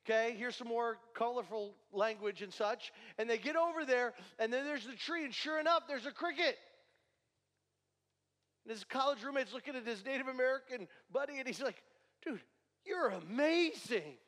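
A man's voice: very high voice, fairly quick, fairly bright tone, big-room sound. A male pastor delivering a sermon with emphatic preaching and repeated rhetorical questions.

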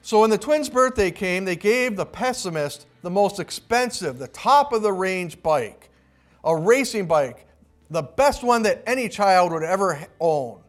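A man's voice: high voice, lively intonation, measured pace. A male pastor preaching a sermon, telling a story with acted-out quotes and some restarts.

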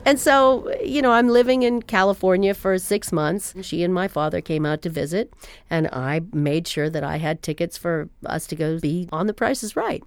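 A woman telling a personal family story in an animated, wry way. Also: fairly low pitch, moderate pace, clean tone.

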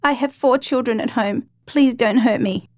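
A woman's voice: a little high, moderate pace, darkish tone, lightly acted. A woman voicing a frightened young female shop clerk, anxious and pleading.

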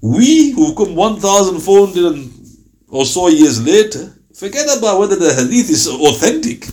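A man's voice: high-pitched, very animated, moderate pace, darkish tone. A man giving a religious lesson, telling stories with emphatic rhetorical questions and reading out hadith references. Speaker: Islamic lecturer. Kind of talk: religious lesson on early Muslim history.

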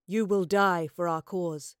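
A woman voicing a proud warrior queen who speaks slowly and commandingly. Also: on the low side, steady tone, clear, resonant tone, no room sound, clean studio sound, close to an everyday voice. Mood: menacing.

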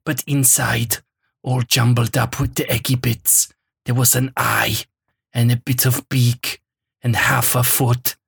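A man putting on a hoarse German-accented narrator. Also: mid-range voice, flat delivery, a bit bright, no echo, full character voice. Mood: solemn. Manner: slow, grave, oddly strident reading. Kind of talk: comic impression reading a column aloud.

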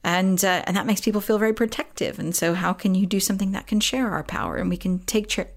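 A woman hosting a podcast, answering a parent's question with earnest, encouraging advice, pausing often to think. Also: mid-range voice, steady tone. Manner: earnest, encouraging, with thoughtful pauses and fillers. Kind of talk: warm casual advice talk.

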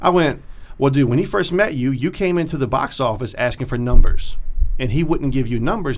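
A man's voice: medium pitch, brisk. Male comic, casual podcast storyteller, swears a lot, voices the people in his story. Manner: profane, animated storyteller acting out quotes. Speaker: comedian.

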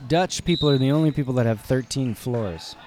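A man's voice: mid-range voice, a little fast, darkish tone. A man doing playful color commentary for a comedy basketball show, with a mid-range voice. His banter is dry, and a faint murmur of ambient noise sits behind him.

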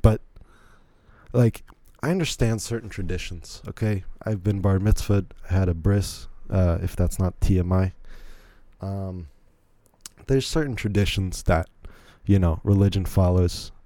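A man's voice: low-pitched, a little slow, mellow, dry recording. A man hosting a podcast, giving incredulous, rambling play-by-play commentary on a video in a casual way. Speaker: podcast host.

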